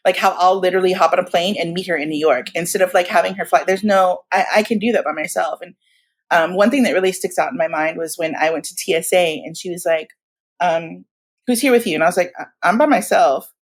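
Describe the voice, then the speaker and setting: A guest in her forties tells stories in casual chat, animated and laughing often, acting out the voices of the people she quotes. She speaks fast in a lowish voice.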